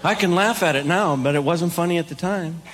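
High-voiced self-mocking stand-up comedian. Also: male voice, a little fast, a little hiss or hum. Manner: self-deprecating, animated storytelling with acted-out dialogue.

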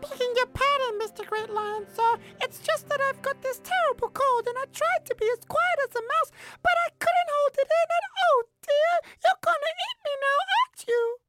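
Squeaky, frightened little mouse with a cold, babbling apologies in a storybook tale. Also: male voice, normal speed, loud music behind the voice. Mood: pleading, fearful. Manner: nervous, pleading, babbling. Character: timid sneezing little male mouse with a cold.

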